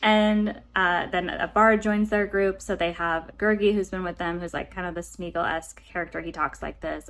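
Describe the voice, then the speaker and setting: An American woman with a lowish voice chatting through a book review in a loose, rambling way. She often stops to apologize and sounds relaxed and conversational. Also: moderate pace, few pauses. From United States. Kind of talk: casual book review vlog.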